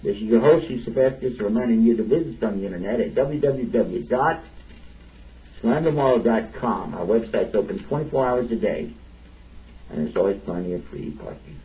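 A man's voice: lowish voice, moderate pace, warm tone, lo-fi sound. A man hosting a live religious radio program, preaching in an earnest, rambling way, asking listeners questions and often restarting his sentences. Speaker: radio show host and preacher. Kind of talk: conversational religious talk on air. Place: live broadcast from a university.

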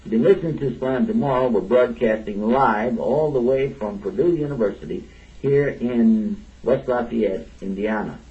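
A man's voice: mid-range voice, normal speed, dark tone, dull audio. A man hosting a live religious radio program, preaching in an earnest, rambling way, asking listeners questions and often restarting his sentences. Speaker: radio show host and preacher. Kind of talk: conversational religious talk on air. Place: live broadcast from a university.

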